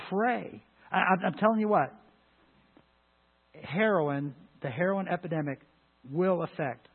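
A pastor preaching a sermon, talking emphatically with frequent restarts and sudden loud rises. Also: male voice, on the high side, slightly rough. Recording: phone-like lo-fi line.

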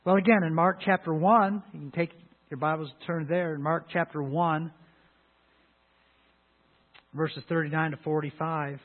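A pastor preaching a sermon, talking emphatically with frequent restarts and sudden loud rises. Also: male voice, on the high side, steady tone, normal speed, long pauses. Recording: phone-like lo-fi line.

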